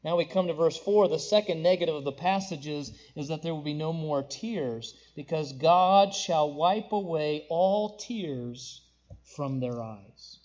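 High-voiced preacher, soaring then hushed. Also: male voice, a little slow. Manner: swings from soaring emphatic declarations to hushed tender passages. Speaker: pastor. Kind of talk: sermon. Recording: dull lo-fi recording.

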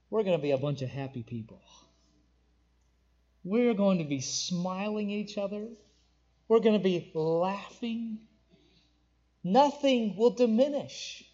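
A male preacher with a high voice delivers a sermon with fervor. He rises to loud, ringing declarations and drops to near-hushed tones. The recording sounds dull and lo-fi.

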